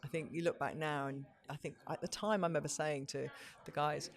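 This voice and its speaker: A middle-aged woman broadcaster, a guest in a casual podcast interview, telling stories in a lively way with many "you know" fillers. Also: sits low, a little fast.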